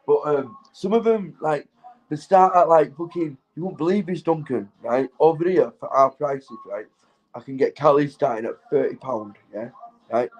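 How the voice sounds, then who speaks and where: With the highs cut off, the recording carries a fairly high, slightly mellow man's voice at normal speed. He's from Keighley, Yorkshire, England, speaks with a Yorkshire accent, and hosts a livestream, stoned and tipsy, rambling, swearing and laughing as he chats casually with viewers.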